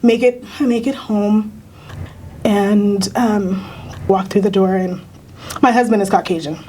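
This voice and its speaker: A middle-aged American woman recounts a painful memory in an earnest, halting voice, full of restarts and fillers. Her pitch sits in a middle range. A faint hiss sits under the recording. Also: steady tone, warm tone. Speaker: union council president, teacher. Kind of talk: personal storytelling in a recorded conversation.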